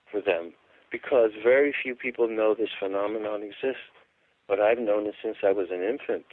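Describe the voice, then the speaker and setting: A man calls in as a guest on a radio interview, and his fairly low voice comes through a tinny phone line with no echo. He tells his account emphatically, repeating words to stress them.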